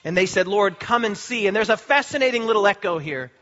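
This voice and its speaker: A man preaching a sermon, impassioned and emphatic, slowing down and repeating phrases for weight. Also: high voice, lively intonation, pushed and bright, muffled recording. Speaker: pastor.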